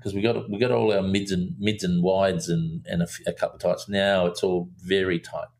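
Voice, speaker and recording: Gravelly low-voiced man telling stories. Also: normal speed. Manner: animated storyteller, acts out quotes in a raised voice, many fillers and restarts. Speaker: film director guest. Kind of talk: casual storytelling interview.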